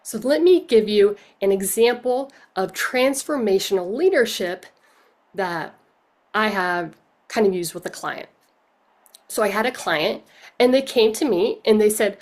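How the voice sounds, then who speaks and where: A woman's voice: mid-range voice, expressive, measured pace, a little mellow. Woman coach giving a storytelling conference talk. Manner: storytelling with rhetorical questions. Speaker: coach speaking at a leadership conference.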